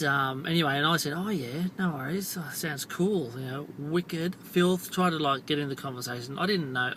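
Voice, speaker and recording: In a relaxed vlog, a middle-aged marketing and copywriting creator chats his way through a self-deprecating anecdote, leaning on fillers and frequent "right?" tags. The voice is fairly high-pitched and sharp, with slight noise in the background.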